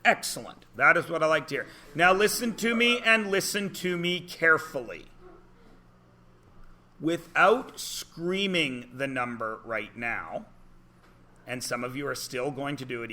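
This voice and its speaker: A man's voice: mid-range voice, unhurried, pushed and bright. A man teaching math to a class, giving instructions and explaining steps with dry, theatrical jokes. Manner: dry, theatrical joking with students. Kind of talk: classroom lecture.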